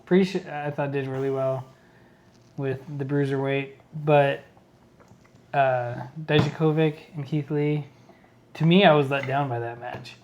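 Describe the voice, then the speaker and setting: A man co-hosting a casual wrestling podcast, laid-back and quick to chuckle. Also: medium pitch, level tone, darkish tone. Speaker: podcast co-host. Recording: dull lo-fi sound with faint noise.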